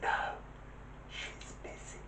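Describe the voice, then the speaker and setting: A man's voice: takes it slowly, sharp tone, roomy sound, far from the mic, a little hiss or hum. A man voicing a small, sly child who answers the phone in terse whispers.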